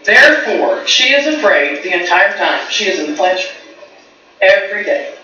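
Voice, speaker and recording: A parent, a man with a high, bright voice, presses his case to a school board in an earnest, insistent way. He is heard from far off in a very echoey room, with dull sound. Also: big pitch swings, moderate pace, soft background music. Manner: earnest, insistent, repeating for emphasis. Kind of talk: public comment at a meeting. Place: large meeting room.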